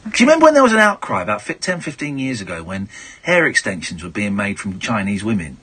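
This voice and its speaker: A bright, lively man hosts late-night radio, his voice bouncing up and down as he jokes. The tone is rough and husky. Irreverent banter at a studio mic. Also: lowish voice, fast. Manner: jokey, irreverent, animated. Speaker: radio host. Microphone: studio microphone.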